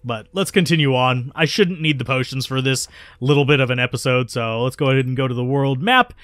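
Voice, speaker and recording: A man's voice: mid-range voice, brisk, a bit bright, no room sound, clean studio sound. Chatty man commenting on a game. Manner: chatty, self-correcting. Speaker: let's play host. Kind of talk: casual gameplay commentary. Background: faint game music.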